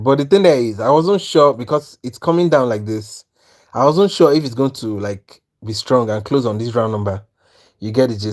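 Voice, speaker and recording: A man hosting a live trading stream, talking through his trades and mentoring viewers with lively, repetitive asides like "you understand?". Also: medium pitch. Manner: animated, repeats "you understand?" often, stammers on restarts.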